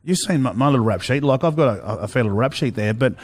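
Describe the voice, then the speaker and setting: A man's voice: mid-range voice, lively intonation, fast, a little mellow. An Australian man chatting as an interview guest, rambling through stories with many restarts and fillers. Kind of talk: casual storytelling chat.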